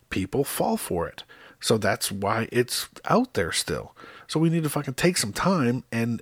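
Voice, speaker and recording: A man's voice: medium pitch, no echo. A man telling stories in a casual, profane rant, acting out quotes with exasperation. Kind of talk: casual ranting monologue.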